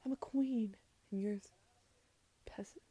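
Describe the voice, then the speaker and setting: A woman voicing a proud, scornful queen mother with a put-on British accent in a soft whispered role-play. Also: mid-range voice, unhurried, husky, dry recording. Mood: disdainful. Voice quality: imperious, scornful.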